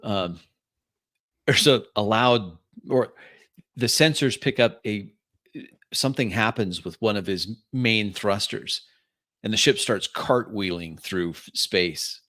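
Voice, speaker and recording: Slow, low-voiced man narrating a game. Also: fairly bright tone, dry recording. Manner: slow, halting descriptive narration. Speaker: game master.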